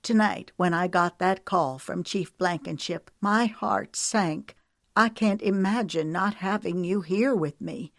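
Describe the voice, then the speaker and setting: A woman's voice: lowish voice, measured pace, no room sound, clean studio sound. A woman voicing an older wife, emphatic and emotional, in an audiobook romance. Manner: emphatic, quivering.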